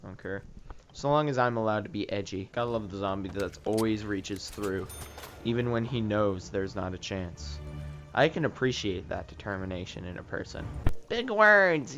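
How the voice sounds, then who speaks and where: A man's voice: lowish voice, pushed and bright. A man doing casual commentary over an online game, sarcastic and ranting, swearing freely and joking about the other players. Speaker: gaming YouTuber.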